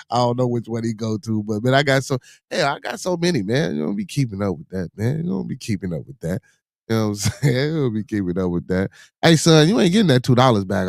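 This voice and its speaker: A man hosts a casual livestream. He talks at a middling pitch and keeps pleading with chat for support and shouting out his regulars. The sound is close and dry, with no room around it. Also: no room sound. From Chicago area. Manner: animated, begs chat for super chats and shouts out supporters. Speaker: livestream podcast host.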